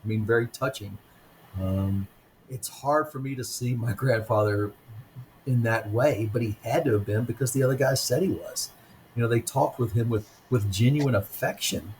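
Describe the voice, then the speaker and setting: A man in his fifties, a guest author telling stories in a conversational interview, speaking haltingly with frequent ums and restarts. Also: medium pitch, darkish tone, a little hiss or hum, poor audio. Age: 50s.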